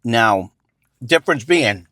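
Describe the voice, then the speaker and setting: A man chats through a food review in a relaxed, frank way, saying plainly what he does and doesn't like. His voice sits at a middling pitch, and the sound is dry, with no room echo. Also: slow pace. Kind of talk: casual food review chat.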